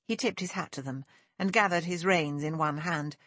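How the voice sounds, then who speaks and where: A woman narrating a period novel in a measured, even storytelling manner, recorded on a close mic. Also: low voice, no echo. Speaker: audiobook narrator. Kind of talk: scripted narration.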